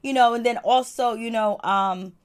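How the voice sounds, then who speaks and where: A woman with a fairly high, clear and resonant voice reviews a TV episode at a normal speed. Her commentary is casual, full of fillers, and she repeats phrases for emphasis.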